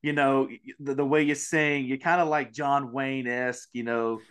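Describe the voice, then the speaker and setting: A man's voice: mid-range voice, steady tone, normal speed, fairly bright tone, smooth. A man from Mississippi with a Southern accent, hosting a podcast interview in a rambling, chatty way with lots of fillers. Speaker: podcast host. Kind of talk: casual interview chat.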